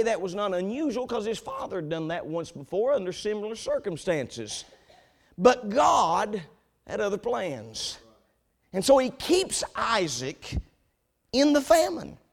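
A pastor delivers a sermon in a man's voice that sits high and unhurried, telling a story with animated build-ups before he turns to the scripture text.

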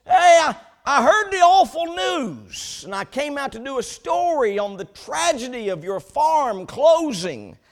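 A man's voice: very high voice, sing-song, unhurried, hardly any pauses, pitched above the performer's own voice, exaggerated voice. A man voicing a haughty, prodding small-town newspaper reporter in a sermon story. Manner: loud, prodding.

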